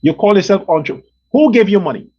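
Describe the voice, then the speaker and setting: A man's voice: high voice, animated, brisk, a little mellow, breathy edge. A man hosting his own show, delivering an angry, profane political rant that repeats and hammers on words. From Guyana. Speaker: show host. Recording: dull lo-fi recording.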